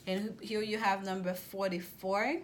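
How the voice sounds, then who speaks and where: Fast-talking woman reading tarot. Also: mid-range voice, flat delivery, slight background noise. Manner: rapid, repetitive with many restarts. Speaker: tarot reader.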